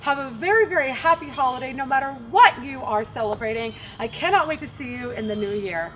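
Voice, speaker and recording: A woman hosting a show, coaching her viewers straight to camera in an animated, playful way and acting out little quotes. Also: high voice, brisk, background noise. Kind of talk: direct-to-camera coaching talk.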